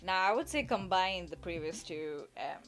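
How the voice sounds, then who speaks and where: A woman's voice: fairly low pitch, expressive, moderate pace, fairly bright tone, faint music behind. A woman live-streaming, giving advice in a chatty, rambling, self-mocking way and reading her chat aloud.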